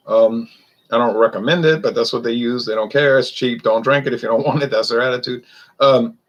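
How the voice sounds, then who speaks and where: A man's voice: medium pitch, steady tone, fairly quick, dull audio. A man, chatting loosely and rambling through a casual beer review. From Louisiana. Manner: rambling, chatty, wanders off topic.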